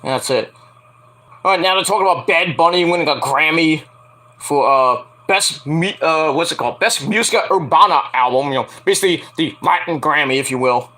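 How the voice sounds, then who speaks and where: A man casually reviewing a wrestling show, animated, laughing often and swearing freely as he mocks what he watched. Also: a little high, normal speed. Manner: animated, laughing often, profane, playfully mocking. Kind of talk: casual reaction commentary.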